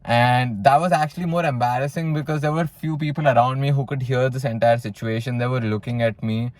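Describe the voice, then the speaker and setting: A man's voice: mid-range voice, fairly even intonation, fairly quick, a little mellow, dry recording. Blunt, swearing young man telling his story. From South India. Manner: blunt, heavy swearing, many fillers like "you know". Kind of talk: casual personal storytelling.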